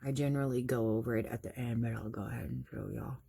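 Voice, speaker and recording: A woman talks through her morning makeup routine in a casual, chatty way, explaining each step as she goes. Her voice is slightly husky. She often pokes fun at herself. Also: a bass voice, quick pace, dark tone. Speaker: makeup vlogger.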